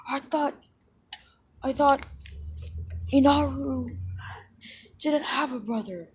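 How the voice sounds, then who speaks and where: Woman doing a hot-headed teen boy, scornful and squeaky-high; fan story retelling. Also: slow, slight background noise.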